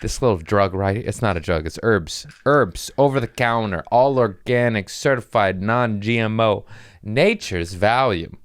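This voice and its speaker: Male comic podcast host, deep and clean-toned, rambling and goofy, dry studio sound. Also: measured pace, no echo. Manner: rambling, self-mocking, playful voice shifts. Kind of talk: casual comedic monologue.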